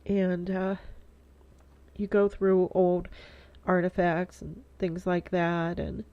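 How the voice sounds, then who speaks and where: A middle-aged woman vlogs in a casual, heartfelt monologue that rambles with plenty of fillers, her voice stuffy-nosed and teary. She speaks slowly in a lowish register with little pitch movement. The recording is dry, dull and lo-fi, with no echo.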